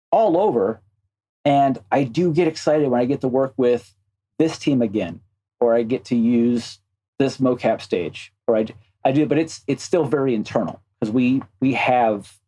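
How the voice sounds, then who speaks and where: A man who works as a game animator, speaking as a podcast guest in a thoughtful, halting way. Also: mid-range voice, dark tone, slightly rough, poor audio. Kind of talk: casual interview chat.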